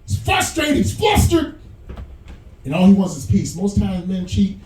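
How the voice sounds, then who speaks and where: A man with a New York accent doing a stand-up set, loose and crude, often jumping into high put-on voices. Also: huge pitch swings, measured pace, a little mellow, echoey room, recorded from a distance, poor audio. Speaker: stand-up comedian headlining a bar. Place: small bar comedy stage.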